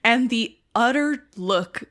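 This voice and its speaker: Woman podcaster gushing about a drama, bright voice, acts out the lines, laughs a lot. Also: a little high, takes it slowly. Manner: animated storytelling, acts out quoted lines, laughs often. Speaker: podcast co-host. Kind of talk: casual chat reviewing a drama.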